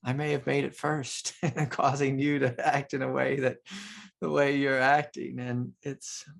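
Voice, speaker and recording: A man speaking as a spiritual teacher, his voice a little gravelly and sitting at an ordinary pitch. He talks in a loose, reflective way, filling pauses with "like" and soft laughs. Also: flat delivery. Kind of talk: casual spiritual talk.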